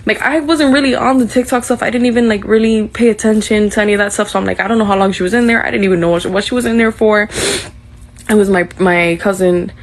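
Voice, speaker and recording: A woman's voice: mid-range voice, fairly even intonation, fast talker. A young woman eagerly retelling what she saw, full of fillers and quoted dialogue, saying she is short of breath. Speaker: eyewitness telling her story. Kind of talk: casual storytelling.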